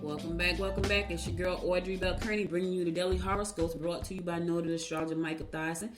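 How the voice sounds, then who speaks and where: A woman's voice: fairly low pitch, steady tone, fast, music in the background. A woman radio host reading daily horoscopes and chatting casually, rambling and laughing as she tells stories. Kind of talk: casual chat.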